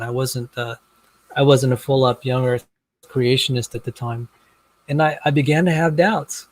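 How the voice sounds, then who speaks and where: A man being interviewed, telling his story in a rambling, halting way with many restarts. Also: medium pitch, fairly even intonation, no room sound, poor audio. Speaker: interview guest. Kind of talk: casual conversation.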